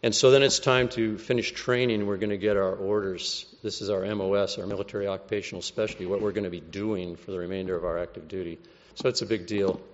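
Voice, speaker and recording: A man's voice: lowish voice, steady tone, fast, long reverb tail, highs cut off. An American man giving a wry, conversational testimony, acting out the voices he quotes. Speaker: speaker giving a personal testimony. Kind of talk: storytelling testimony.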